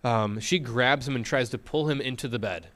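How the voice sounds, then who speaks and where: A man preaching a sermon, retelling a story with dramatic pauses and questions to the congregation. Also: mid-range voice, a bit bright.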